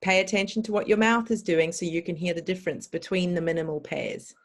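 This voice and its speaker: A woman's voice: on the low side, fairly quick. A woman teaching English pronunciation, spelling sounds out and prompting the listener to repeat them. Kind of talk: slow drilled pronunciation lesson.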